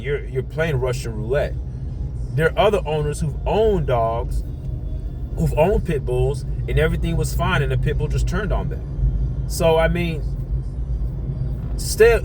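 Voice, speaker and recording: A man with a mid-range voice talks straight to his audience in a loose, unscripted monologue. He is blunt and heated, and he swears freely. Faint music plays under him. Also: mid-range voice. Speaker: commentator. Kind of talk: casual opinion monologue.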